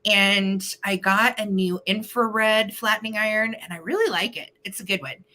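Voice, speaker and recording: Bubbly woman live-stream sale host, bright tense voice, chatty, greets viewers by name. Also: medium pitch, normal speed. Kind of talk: casual live-stream chat.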